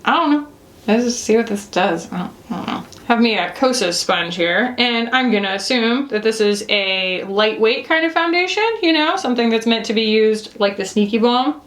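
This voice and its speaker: A woman's voice: a little high, lively intonation, moderate pace, fairly bright tone. A woman in her thirties chatting casually as she reviews makeup, rambling with lots of "like" and "you know.". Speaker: beauty reviewer. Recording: echoey room.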